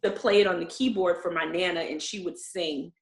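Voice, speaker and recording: A woman chatting casually in a soft, heartfelt way. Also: fairly low pitch, steady tone, fairly quick, echoey room. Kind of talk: casual chat.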